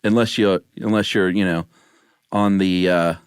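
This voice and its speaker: A man's voice: deep voice, fairly even intonation, measured pace, clear, resonant tone, no room sound, studio quality. A man co-hosting a casual podcast chat, wry and chuckling as he talks. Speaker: podcast co-host.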